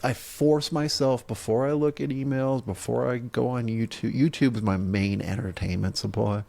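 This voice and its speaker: A man's voice: medium pitch, fairly even intonation, moderate pace, gravelly, warm tone. A middle-aged man in casual conversation, self-deprecating, laughing often and restarting his sentences.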